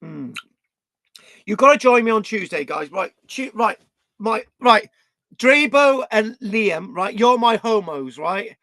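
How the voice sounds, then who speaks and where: Rambling high-voiced British man. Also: expressive, takes it slowly, sharp tone, dry recording. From Britain. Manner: rambling and scattered, swearing, tagging lines with "right?". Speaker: vlogger. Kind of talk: rambling casual vlog.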